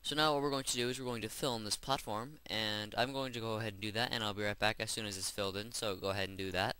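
A man's voice: fairly low pitch, fairly even intonation, fast, sharp tone, smooth. A man hosting a game-building tutorial, chatting casually and rambling as he works through each step. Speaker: Minecraft tutorial host. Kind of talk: gameplay voice-over tutorial.

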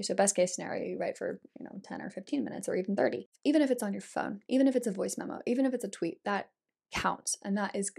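A woman's voice: medium pitch, gravelly, darkish tone. A woman talking to the camera as a writing coach, chatty and direct, with emphatic delivery. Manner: chatty, direct, addresses the viewer. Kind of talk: casual instructional vlog.

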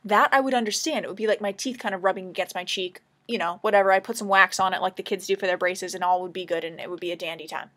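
A woman's voice: mid-range voice, steady tone, fast talker, few pauses, fairly bright tone. A tearful woman talking anxiously in a casual confessional vlog, rambling and emotional, at times dropping to a whisper. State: tearful, crying. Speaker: vlogger.

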